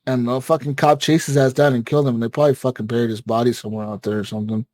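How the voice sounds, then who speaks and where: A man co-hosting a gaming podcast, telling a story in casual chat, excitable and profane, with lots of fillers and acted-out quotes. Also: mid-range voice, rapid-fire, no room sound. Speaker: podcast co-host.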